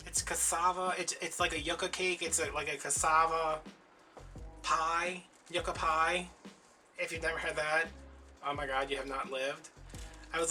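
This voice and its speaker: A crafting vlogger with a fairly high, sharp-toned voice chats casually while making a craft. He's a chatty storyteller who acts out the voices of people in his stories.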